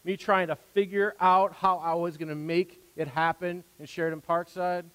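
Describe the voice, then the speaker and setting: A high-sitting, fairly bright and smooth male voice delivers a sermon at normal speed and in a flat manner. Speaking as pastor from the pulpit, he is earnest and conversational, adding asides and pushing toward rising emphasis. The church sanctuary gives the recording a long hall reverb.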